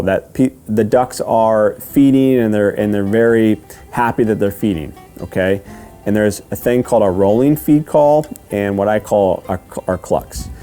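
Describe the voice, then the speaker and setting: A man teaches a lesson step by step in a fairly low, mellow voice, with patient repetition and frequent checks of "okay?". He slows down to count out rhythms. Faint music runs underneath. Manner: counts out rhythms slowly and sings the cadence. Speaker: duck calling instructor. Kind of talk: step-by-step instruction.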